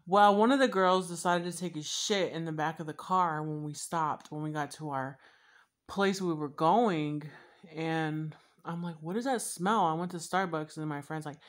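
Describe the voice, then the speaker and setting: Lady vlogger w a really low voice, rambly and cussing a lot while she eats. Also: fairly even intonation, normal speed. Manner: rambling and profane, with frequent fillers. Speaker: YouTuber. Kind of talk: casual chat while eating on camera.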